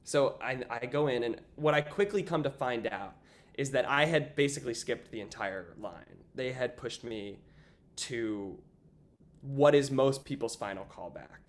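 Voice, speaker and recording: A young man in an interview, telling a story in a lively casual way, often saying "like" and acting out what people said. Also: medium pitch, a little slow. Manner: animated, acts out quoted voices, frequent "like". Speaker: guest, stage actor.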